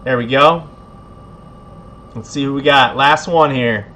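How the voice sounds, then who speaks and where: A man's voice: medium pitch, measured pace, pushed and bright, slight background noise. A man hosting a casual livestream giveaway, laid-back, a bit tipsy and laughing often. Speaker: livestream host.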